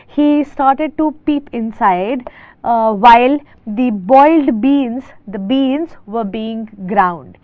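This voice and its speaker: A woman teacher from India reading a story aloud and stopping to explain each word, restating things slowly with fillers, on a dull, lo-fi recording. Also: sits high, no room sound.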